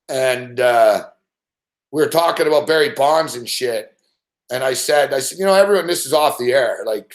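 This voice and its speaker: A middle-aged man hosting a sports betting show, swearing constantly as he rants and tells stories, acting out the other people in them. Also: medium pitch. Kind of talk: profane casual rant.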